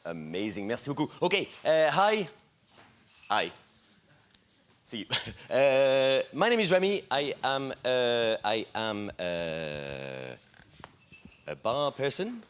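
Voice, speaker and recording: A man's voice: mid-range voice, sing-song, slow, long pauses. A man in his thirties with a French accent, giving a casual, self-deprecating talk on a conference stage, full of fillers and restarts. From France. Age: 30s. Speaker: bar owner giving a talk.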